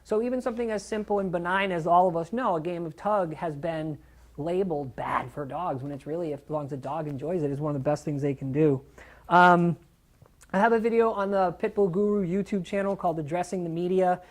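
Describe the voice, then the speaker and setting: A middle-aged man, a dog trainer, giving a casual, animated seminar talk, acting out quoted voices and swearing now and then for emphasis. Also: high voice, fairly quick.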